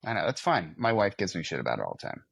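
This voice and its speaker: A man's voice: low-pitched, wildly swooping pitch, racing, creaky, a bit bright, breathy edge, no echo, clean studio sound. A middle-aged man with an American accent, co-hosting a casual podcast chat with wry, self-deprecating banter. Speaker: podcast co-host.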